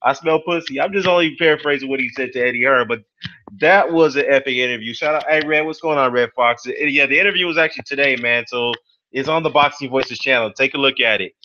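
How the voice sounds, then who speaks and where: Man, boxing stream host, casual chatty commentary, fillers everywhere, mid-pitched, dull lo-fi audio. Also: quick pace, bright, forceful tone, a little hiss or hum. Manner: rambling, many "you know" and "man" fillers; reads and greets live chat. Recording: dull lo-fi sound.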